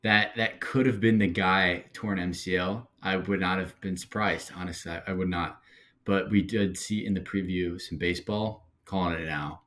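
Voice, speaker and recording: A man co-hosting a casual recap podcast, talking in a relaxed, rambling way with halting restarts. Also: low voice. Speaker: podcast co-host.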